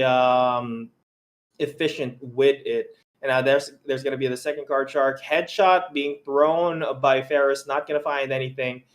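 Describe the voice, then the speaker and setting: Young male caster, upbeat game commentary, laughs easily, mid-range voice. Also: medium pitch. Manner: excitable, laughs often, banters. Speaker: esports caster. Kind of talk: live esports commentary.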